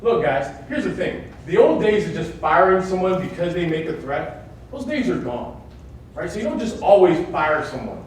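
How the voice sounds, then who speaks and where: A man lectures to a live audience with an emphatic, higher-pitched voice, often checking in with his listeners as he makes his points. He is picked up from a distance, so his voice rings around a big echoey hall over a faint hiss of noise. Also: big pitch swings, moderate pace. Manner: emphatic, keeps checking in with "right?". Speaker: workshop speaker on workplace security. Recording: echoey hall, mic far off.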